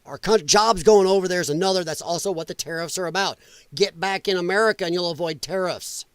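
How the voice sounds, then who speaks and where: A man's voice: high voice, fast talker, a bit bright, clear, resonant tone, no room sound. A man hosting a political livestream, ranting heatedly and swearing freely as he reads the chat. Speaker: livestream host.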